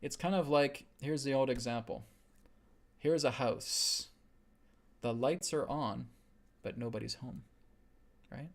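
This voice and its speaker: A man hosting a live stream and giving a spiritual teaching in an earnest, repetitive way, with frequent "right?" checks. His voice sits at a middle pitch with a gravelly edge. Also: takes it slowly, pauses often.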